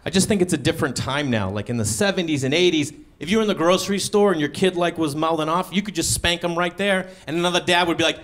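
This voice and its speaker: On a comedy stage before a live audience, a male stand-up in his thirties performs his set in a slightly high voice, with faint noise behind him. He tells stories fast and lively, with few pauses, breaking into sudden high-pitched acted quotes.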